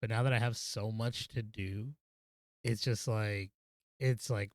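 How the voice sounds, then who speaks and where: Young male co-host, clean smooth tone, chill and easygoing chatter. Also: mid-range voice, steady tone, normal speed, darkish tone, no echo, studio quality. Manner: laid-back, says "dude" a lot. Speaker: podcast co-host. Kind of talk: casual gaming podcast chat.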